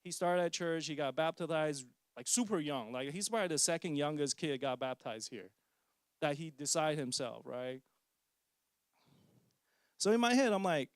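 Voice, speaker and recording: A man's voice: on the high side, lively intonation, normal speed, clear, resonant tone, no echo, clean studio sound. A man in his forties giving a casual personal testimony as a parent, joking and poking fun at himself. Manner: casual, joking, self-mocking storyteller.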